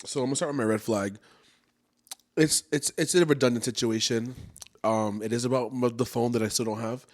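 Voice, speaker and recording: A man's voice: mid-range voice, fairly even intonation, a little fast. A young man co-hosting a casual podcast, talking in a loose, rambling way and joking along. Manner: easygoing, rambling, self-correcting. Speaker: podcast co-host. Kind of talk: casual chat.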